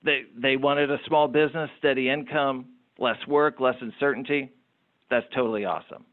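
A man who runs a business, telling lively anecdotes as a guest in an interview. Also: mid-range voice, moderate pace. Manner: animated anecdotal storyteller. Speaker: entrepreneur guest. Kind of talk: storytelling interview talk. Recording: tinny phone-like line.

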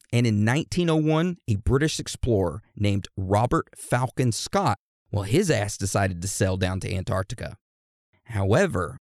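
Profane, animated male podcast host. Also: mid-range voice, no room sound, clean studio sound. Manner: profane, joking, irreverent; addresses co-host like a teacher. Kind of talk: casual history storytelling.

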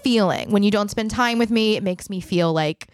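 A woman's voice: medium pitch, moderate pace. A woman guest on a podcast, explaining a method in a chatty way and laughing as she talks. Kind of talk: casual podcast chat.

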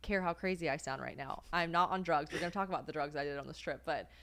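A woman's voice: low voice, quick pace, fairly bright tone. A young woman co-hosting a podcast in casual chat, rambling, swearing freely and laughing often. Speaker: podcast co-host.

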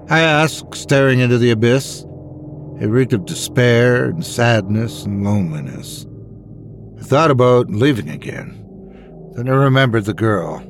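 A man reading a horror story aloud in a measured, suspenseful way. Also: mid-range voice. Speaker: narrator. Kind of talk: scripted horror story narration.

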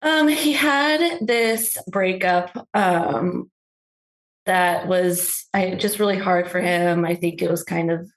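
A woman's voice: fairly low pitch, slow. A woman telling a family story as a caller, chatty and hesitant, with many fillers. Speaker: caller seeking advice. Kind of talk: casual storytelling.

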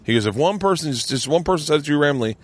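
A man's voice: fairly high pitch, expressive, racing. A man hosting a podcast in casual chat, telling stories animatedly, acting out quotes and swearing freely. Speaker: podcast host.

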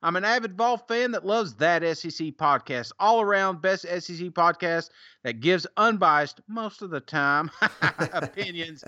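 A man's voice: high-pitched, lively intonation, a little slow, bright, forceful tone, no room sound, muffled recording. A man co-hosting a podcast, reading out listener reviews in a casual, teasing way and laughing often. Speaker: podcast co-host.

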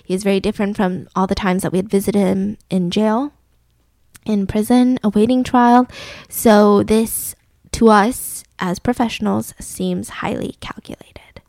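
A woman co-hosting a casual podcast, telling a true crime story with lively acted-out quotes and frequent swearing. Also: mid-range voice, unhurried, dry recording. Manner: animated storytelling, acts out quotes, swears freely. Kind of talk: casual chat.

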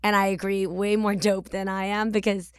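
A woman's voice: mid-range voice, little pitch movement, normal speed, clean tone, dry recording, clean studio sound. A woman in her forties from the San Francisco Bay Area, hosting her podcast in a candid, chatty manner with casual slang. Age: 40s. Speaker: podcast host.

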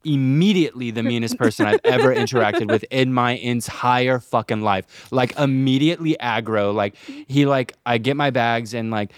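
Animated young man telling a story. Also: medium pitch, moderate pace, hardly any pauses, no room sound, clean studio sound. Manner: animated, swearing, acts out quotes. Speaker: podcast co-host. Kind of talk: casual storytelling chat.

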